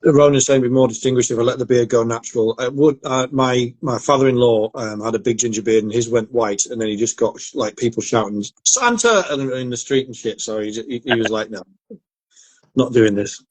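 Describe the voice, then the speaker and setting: A man's voice: mid-range voice, steady tone, fairly quick, few pauses, a little mellow, no echo. Guy making dry jokey comments, close dry mic sound, mid voice. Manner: wry, joking asides. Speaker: podcast co-host. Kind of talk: casual chat.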